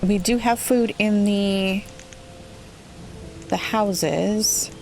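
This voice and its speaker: A woman playing a city-builder game, thinking aloud and puzzling over it, her voice a little rough today. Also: mid-range voice, steady tone, extremely slow, a little mellow, soft background music. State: slightly rough voice. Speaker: let's play gamer. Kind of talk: relaxed gameplay commentary.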